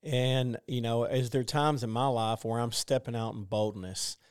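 A man in his forties talks through a faith question in a relaxed group chat, stopping and restarting often. His voice is smooth and clear. The sound is close and dry. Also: medium pitch, no room sound. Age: 40s. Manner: halting, many fillers and restarts. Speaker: group discussion member. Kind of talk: casual faith discussion.

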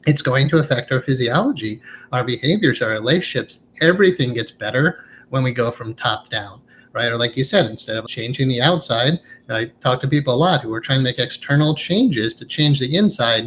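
A man in a relaxed interview, speaking earnestly and reflectively about inner growth. His voice sits at an ordinary middle pitch, with a faint hiss of noise behind him. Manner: earnest, reflective, often ends with "right?". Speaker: guest, hypnotherapist. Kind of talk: conversational interview.

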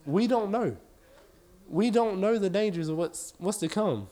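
Impassioned male preacher, higher voice. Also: animated, unhurried, dark tone. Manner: impassioned, repetitive preaching cadence; folksy, with y'all. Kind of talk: sermon.

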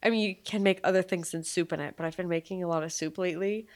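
A woman's voice: on the low side, quick pace, darkish tone. A young woman co-hosting a podcast, chatting casually, laughing often and swearing freely. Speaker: podcast co-host. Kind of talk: casual chat.

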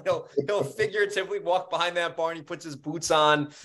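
A man with a New York accent co-hosting a podcast, telling stories in an animated way and swearing freely. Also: fairly high pitch, fast talker, few pauses. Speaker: podcast co-host. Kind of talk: casual podcast chat.

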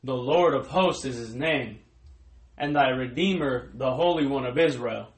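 A man's voice: mid-range voice, unhurried, reverberant, poor audio. A man reading Bible verses aloud in a formal, declaiming way. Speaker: scripture reader.

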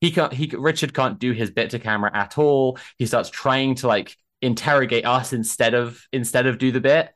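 Brief: young man, mid pitch, rambling casual storyteller, swears freely. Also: normal speed, hardly any pauses. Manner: animated, swearing, lots of fillers.

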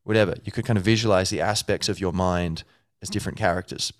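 A man's voice: low-pitched, steady tone, fast talker, dry recording, clean studio sound. A man hosting a podcast, thinking aloud in a rambling, playful way with many fillers. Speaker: podcast host. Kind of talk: casual solo talk.

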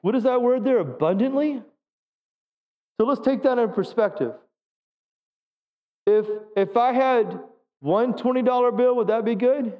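A man with an extremely high voice preaches a little slowly in a church sanctuary, pausing often. He keeps the sermon conversational and quizzes the congregation. The sound is dull lo-fi, with long reverb from the hall.

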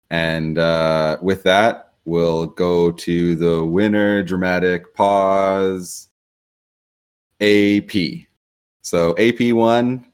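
A man hosting a casual podcast chat, rambling loosely with lots of fillers. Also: sits low. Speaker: podcast host.

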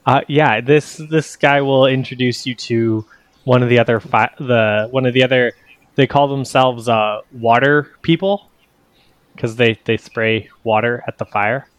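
A man's voice: medium pitch, a little slow, dry recording. A young man narrating a tabletop game as game master, loose and full of fillers. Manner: loose, filler-heavy, laughing often.

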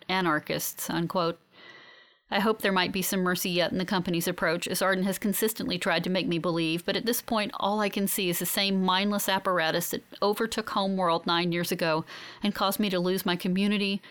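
A woman giving steady, reflective first-person audiobook narration. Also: lowish voice, smooth.

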